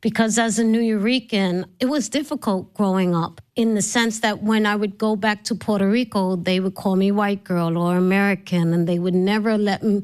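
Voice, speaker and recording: A woman's voice: mid-range voice, moderate pace, hardly any pauses, smooth. A middle-aged woman from New York telling stories in a casual interview, laughing often and acting out voices. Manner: lively storyteller, laughs often, acts out voices. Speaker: podcast host guest.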